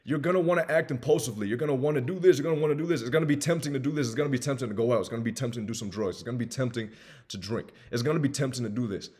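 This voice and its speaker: A young man in his twenties with a faint Southern US accent, talking earnestly to camera as a self-improvement host. He is emphatic and repetitive, swinging between loud urging and quiet confession. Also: medium pitch, very fast, slightly rough. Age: 20s. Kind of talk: earnest personal monologue.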